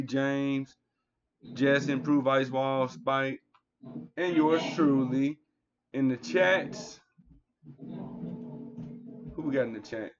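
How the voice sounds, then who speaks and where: Rambling male livestream host, lo-fi sound. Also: medium pitch. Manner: loose and rambling, full of fillers and restarts. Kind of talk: casual livestream sign-off. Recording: dull, lo-fi audio.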